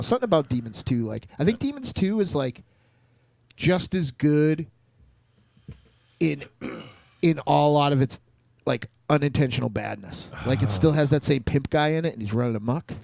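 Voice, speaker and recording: A man co-hosting a podcast in casual chat. His voice is gravelly and moves around a lot in pitch, slightly higher than most, and the sound is close and dry. He rambles with fillers and restarts. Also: expressive, moderate pace, long pauses, a little mellow, no echo. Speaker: podcast co-host.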